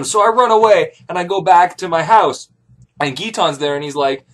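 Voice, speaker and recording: A comedic storyteller retells an ancient tale as a first-person comic story, animated, profane and full of rambling jokes. His voice is a little high, at a moderate pace.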